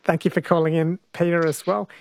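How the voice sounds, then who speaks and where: An Australian-accented talk radio host takes calls and asks the guest questions in a curious, slightly searching way. The voice is mid-pitched and sounds dry and close. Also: level tone, fairly quick, creaky, no echo.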